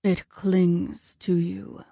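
A woman voicing a stern, commanding male war god who speaks slowly and ominously, at times in a hush. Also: lowish voice, level tone, gravelly, no room sound, studio quality, heavily acted. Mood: measured, ominous.

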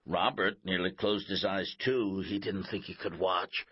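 A man narrating a children's storybook in a slow, expressive read-aloud manner. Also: low voice, husky, no echo, lo-fi sound.

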